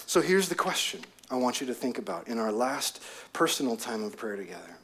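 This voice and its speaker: A man preaching a sermon, swinging from loud emphatic peaks down to hushed near-whispers. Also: medium pitch, sing-song, a little fast, slight background noise. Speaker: pastor. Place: outdoor gathering with a prayer tent.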